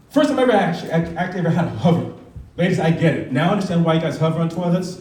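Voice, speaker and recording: Heard from far off in a roomy club, this thirty-something comedian talks very fast in a high-leaning, slightly mellow, animated voice. His stand-up is loose and chatty, full of acted-out voices, with laughter from the crowd behind him.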